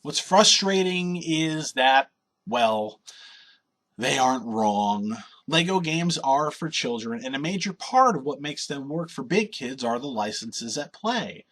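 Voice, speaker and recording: A man's voice: mid-range voice, sing-song, unhurried, a bit bright. A man reading a scripted video game review in an opinionated, wry and sardonic way.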